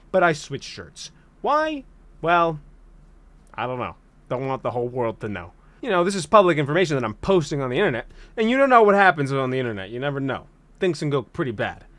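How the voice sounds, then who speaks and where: A man's voice: medium pitch, very animated, a little fast, fairly bright tone. A young man in his twenties giving a comedic vlog rant, dramatic, exaggerated and self-mocking. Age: 20s. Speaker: vlogger.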